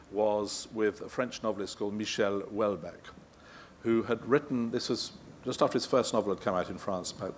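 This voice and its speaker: A man's voice: fairly low pitch, slight background noise. A middle-aged man telling anecdotes to a live audience, rambling and self-deprecating with frequent chuckles. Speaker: guest interviewer at a live event. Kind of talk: anecdotal talk answering audience questions.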